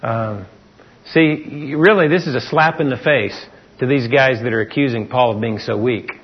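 Heard through a dull, lo-fi sermon recording, a middle-aged pastor speaks at a moderate pace in a husky, medium-pitched voice. His conversational preaching mixes rhetorical questions for listeners with acted-out things people say.

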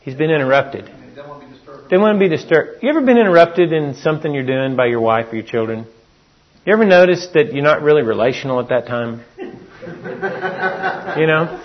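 A man's voice: a little high, expressive, a little fast, long pauses, muffled recording. A man preaching a sermon in a folksy, storytelling way. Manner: folksy storytelling, acts out quotes.

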